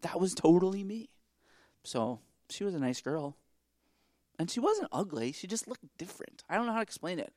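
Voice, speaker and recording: Man, middle-aged, podcast co-host; slightly high voice, loose rambling storyteller, dry close mic. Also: big pitch swings, brisk, dry recording. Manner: rambling, self-interrupting storyteller. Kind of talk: casual chat, storytelling.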